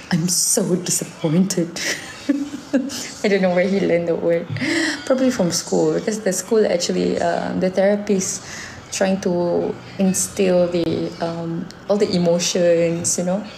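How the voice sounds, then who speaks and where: A woman in her thirties with a Malaysian accent, chatting casually and telling animated stories, switching between English and Malay mid-sentence. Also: fairly low pitch, creaky, slight background noise. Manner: animated storytelling, acting out her son's lines. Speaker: singer and mother. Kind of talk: casual chat.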